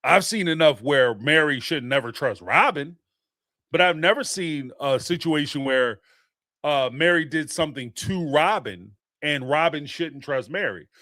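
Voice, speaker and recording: A man hosting a reality-TV podcast, talking in an animated, profane way and laughing often. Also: fairly high pitch, unhurried, no room sound, studio quality. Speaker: podcast host. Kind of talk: casual reaction commentary.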